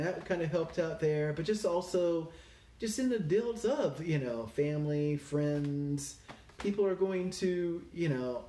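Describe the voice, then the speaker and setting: A man's voice: high-pitched, mellow, distant mic, a little hiss or hum. Rambling man, echoey and off-mic. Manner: rambling, many "um" and "you know" fillers. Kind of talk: casual personal reflection. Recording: roomy echo, a bit off-mic.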